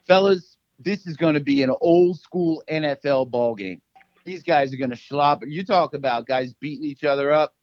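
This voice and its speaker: A man's voice: fairly high pitch, moderate pace, no room sound, lo-fi sound. A man co-hosting a casual sports podcast, playful and joking, laughing often. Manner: playful, laughs a lot, jokey asides. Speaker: podcast co-host.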